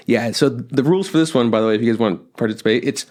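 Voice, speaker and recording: A man's voice: mid-range voice, very fast, darkish tone. A young man chatting on a podcast, rambling with lots of fillers and swearing. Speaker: podcast co-host. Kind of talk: casual chat.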